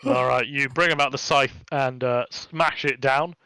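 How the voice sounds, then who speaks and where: A man running a tabletop game as game master, narrating in a relaxed, chatty way with many fillers. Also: mid-range voice, a little slow, slight background noise.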